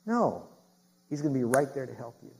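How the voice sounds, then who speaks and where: A man's voice: medium pitch, big pitch swings, brisk, gravelly, a little mellow, breathy edge, low-quality recording. A middle-aged man preaching a sermon as a pastor. He speaks emphatically, repeats his key phrases and puts questions straight to the congregation.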